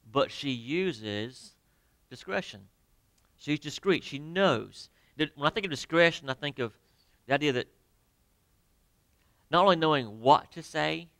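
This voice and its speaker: A man preaching a sermon to his congregation, emphatic, with sudden drops to near quiet and direct questions to the listeners. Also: mid-range voice, dry recording. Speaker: pastor. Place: church sanctuary.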